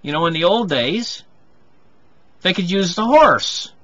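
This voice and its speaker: A man's voice: sits high, animated, a little slow, a bit bright, dry recording, muffled recording. A man giving a rambling monologue, circling back with restarts and frequent asides. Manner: rambling, full of restarts and "you know".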